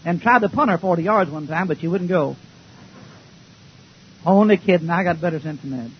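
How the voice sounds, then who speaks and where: An older man preaching a folksy, joking sermon, swinging between loud outbursts and low mutters. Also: normal speed, lo-fi sound, slight background noise.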